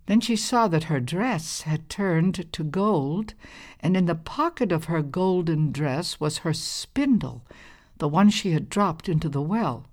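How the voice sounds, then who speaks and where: A woman's voice: lowish voice, expressive, unhurried, a little mellow. Woman reading a fairy tale aloud. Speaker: storyteller. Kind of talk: storybook reading.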